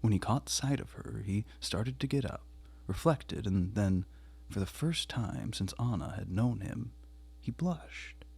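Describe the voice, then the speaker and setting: A man narrating a classic novel as an audiobook reader, with a measured, deliberate reading. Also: lowish voice, lively intonation, creaky, darkish tone, breathy edge.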